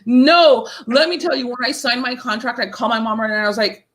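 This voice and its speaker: A woman's voice: on the high side, quick pace, hardly any pauses, poor audio. A woman in her thirties, a horror author, telling stories casually in an interview and acting out the people she quotes. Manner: animated storyteller, acts out quoted voices.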